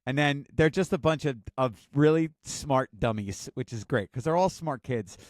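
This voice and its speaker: A man's voice: medium pitch, moderate pace, no echo, clean studio sound. A middle-aged man co-hosting a podcast, telling a family story in casual chat with laughter. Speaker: podcast co-host.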